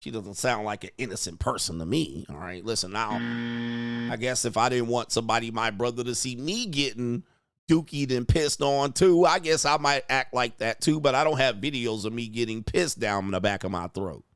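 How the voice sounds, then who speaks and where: A man's voice: mid-range voice, moderate pace, a bit bright, no room sound, studio quality. A man hosting a reaction commentary, talking in a blunt, mocking and exclaiming way. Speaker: host.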